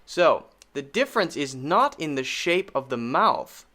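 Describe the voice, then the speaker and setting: A man with an American accent teaching pronunciation in a recorded lesson, speaking deliberately and repeating vowel sounds to demonstrate them. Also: a little high, very animated, pushed and bright.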